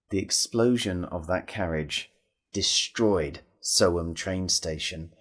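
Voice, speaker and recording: A man telling a wartime folk tale to children, expressive and speaking straight to his listeners. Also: low voice, takes it slowly, slightly rough. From England. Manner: expressive, addresses listeners directly. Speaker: storyteller. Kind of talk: storytelling for children.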